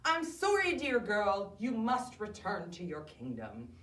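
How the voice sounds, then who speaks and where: A woman's voice: medium pitch, wildly swooping pitch, unhurried, a bit bright, recorded from a distance. A fussy, proud old queen, as a woman puts her on for a storybook reading. Her voice leaps up and down as she exclaims. It sounds roomy, with the mic set a little way off. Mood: regretful.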